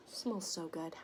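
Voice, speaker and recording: A woman with an American country accent, chatting crudely and joking while eating on camera in a casual vlog. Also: slight background noise. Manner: crude, joking, laughs a lot. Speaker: mukbang vlogger.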